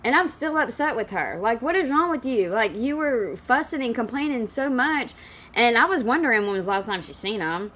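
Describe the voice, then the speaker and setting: A woman's voice: fairly high pitch, animated, moderate pace, a bit bright. A woman giving casual reaction commentary on a video, exasperated, profane and rambling.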